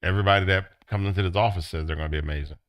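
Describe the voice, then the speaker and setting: A middle-aged man teaching a business class, acting out excited quotes in a high voice. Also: rapid-fire, dry recording. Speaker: business instructor. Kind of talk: classroom lecture.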